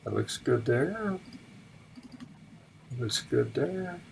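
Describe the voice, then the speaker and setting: A man chats as a guest on a livestream and mutters to himself as he works on a circuit board. He talks slowly in a gravelly voice that still rises and falls a lot, with faint noise behind him. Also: mid-range voice, big pitch swings, poor audio. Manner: unhurried, mutters to himself while working. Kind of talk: casual chat while soldering.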